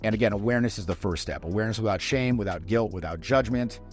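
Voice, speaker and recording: A man with a lowish voice coaches on social skills in a fast, conversational talk to camera, often checking in with "right?" as he explains. Faint music plays behind him.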